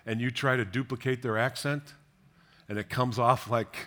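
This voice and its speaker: A man preaching from scripture in a gentle, tender way. He sometimes drops to a hushed near-whisper and then climbs into animated, questioning emphasis. His voice sits at an ordinary middle pitch. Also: normal speed. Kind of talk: sermon reading and commenting on scripture.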